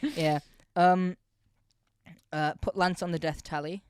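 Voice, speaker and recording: Young woman co-host, lower register, giggly, bursts into silly voices; dry close-miked sound. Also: steady tone, slow pace, a little mellow, clean tone, dry recording. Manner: laughs often, acts out scenes in silly voices. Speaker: podcast co-host. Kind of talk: casual chat.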